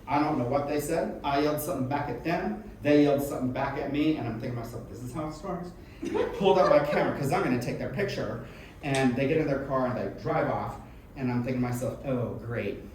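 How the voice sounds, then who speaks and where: A man telling a personal story to a live audience in an animated, self-mocking and frank way, swearing freely. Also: mid-range voice, fast talker. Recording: echoey room from a distant mic with background noise.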